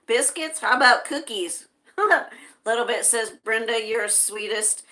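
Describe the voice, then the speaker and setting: A woman's voice: a little high, expressive, pushed and bright. A woman from the United States hosting a livestream, chatting casually and reading viewer comments aloud. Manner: slow, chatty, reads comments aloud with frequent laughs. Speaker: livestream host reading chat.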